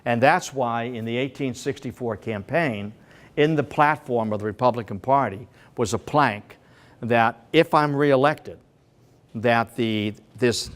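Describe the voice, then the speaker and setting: An older man giving a public history lecture in a senior center room, emphatic, slowing down for dramatic phrases and often restarting his sentences. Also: mid-range voice.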